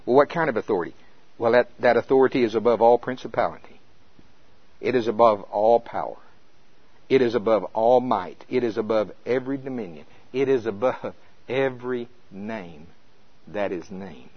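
A man preaching a sermon, telling a vision story with lively swings between loud and hushed delivery, on a dull, dry, lo-fi recording. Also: mid-range voice, moderate pace, no room sound.

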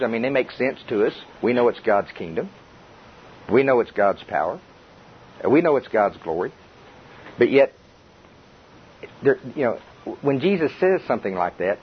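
An older man preaching a chuckling, conversational sermon to a congregation. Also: medium pitch. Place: church before a congregation. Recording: dull lo-fi tape with faint hiss.

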